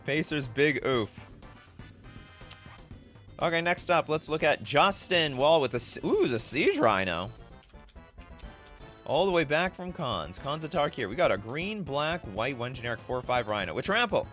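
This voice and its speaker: A man's voice: on the high side, sing-song, a little slow, long pauses, a bit bright, faint music behind. A man streaming live, reading viewer requests in casual, self-mocking chat, laughing often.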